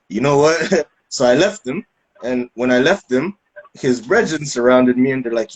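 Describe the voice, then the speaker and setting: A man in the middle of a podcast story, talking loosely and animatedly. He piles up fillers and restarts and breaks into laughs as he acts out the scene. His voice sits at an ordinary middle pitch. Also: expressive, slow, husky, poor audio. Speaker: podcast co-host. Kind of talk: casual storytelling.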